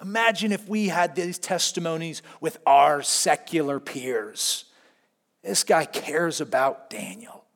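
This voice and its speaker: A man preaching a sermon, telling a story expressively and swinging between hushed asides and emphatic points. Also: on the high side, slow pace, creaky. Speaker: pastor.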